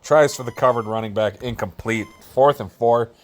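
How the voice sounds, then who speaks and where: A man doing relaxed, jokey play-by-play commentary over a video football game, with self-deprecating asides. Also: mid-range voice, moderate pace, a little hiss or hum.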